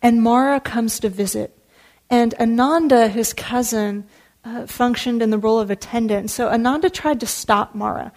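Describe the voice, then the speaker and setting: A woman meditation teacher giving a dharma talk in an earnest, warm storytelling manner. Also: fairly high pitch, moderate pace.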